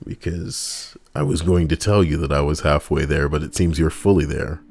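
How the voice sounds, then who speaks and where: A man's voice: a bass voice, steady tone, moderate pace, darkish tone. A man streaming and chatting casually, joking and rambling in a goofy way.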